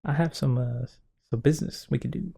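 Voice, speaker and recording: A man's voice: medium pitch, fairly quick, creaky, breathy edge. A young man telling a story in casual podcast chat, acting out what others said and laughing often. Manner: animated storyteller, acts out quotes, laughs often. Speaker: podcast co-host.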